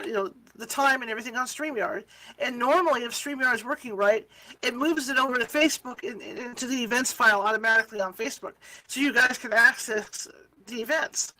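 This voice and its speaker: A woman's voice: a little high, pushed and bright, low-quality recording. A woman hosting a livestream, casually explaining a technical problem step by step. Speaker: host of the livestream.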